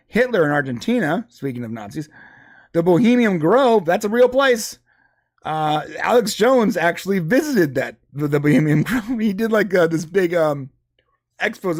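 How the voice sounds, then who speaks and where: A man hosting a podcast with a speech impediment, rambling through a list with amused asides in a casual chat. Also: sits high. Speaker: podcast host.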